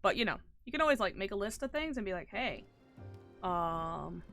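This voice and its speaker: Game streamer, woman; bright, forceful tone, excitable and profane, mutters then bursts out. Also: mid-range voice, normal speed, soft background music. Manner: excitable, swings from mutters to loud outbursts, swears freely. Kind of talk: casual live-stream chatter.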